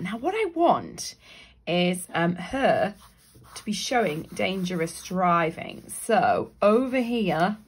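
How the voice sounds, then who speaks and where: A woman's voice: lowish voice, breathy edge. A woman with a Northern English accent who talks through a drawing tutorial in a chatty way, thinking aloud as she sketches. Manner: chatty, thinks aloud, briefly voices her drawn characters. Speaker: illustrator teaching drawing.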